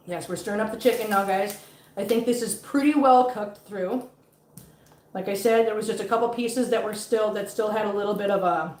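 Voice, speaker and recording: A woman's voice: on the high side, a little mellow, slight background noise. Chatty woman cooking in an echoey kitchen. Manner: chatty, teasing, baby talk to cats. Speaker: cat vlogger cooking on a livestream. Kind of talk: casual live-stream chat while cooking. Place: home kitchen.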